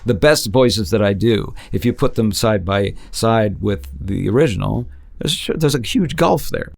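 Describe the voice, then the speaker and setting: A man's voice: lowish voice, unhurried, creaky. A man, an actor and impressionist, telling stories in a casual interview and breaking into quoted voices. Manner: animated, jumps into quoted voices.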